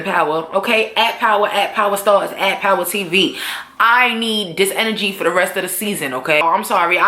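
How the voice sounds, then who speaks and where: A young woman vlogger recapping a TV episode in casual chat, animated and profane, acting out the characters' lines. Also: medium pitch, reverberant.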